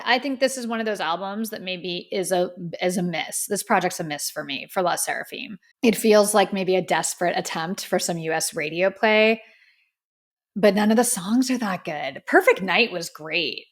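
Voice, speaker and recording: A woman hosts a podcast and talks through her music review in a relaxed, chatty way. She is frank and opinionated, with a mid-range voice and frequent filler words. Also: medium pitch. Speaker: podcast host. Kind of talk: casual music review monologue.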